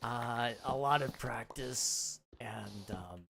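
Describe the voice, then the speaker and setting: A hoarse man losing his voice, rambling and self-mocking while chatting casually on a livestream. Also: mid-range voice, takes it slowly, noisy background. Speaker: game streamer. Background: music.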